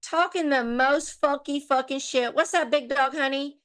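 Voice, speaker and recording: A woman's voice: high voice, normal speed, a bit bright. A middle-aged woman hosting a casual commentary chat, blunt and profane, trash-talking the people she discusses. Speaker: host.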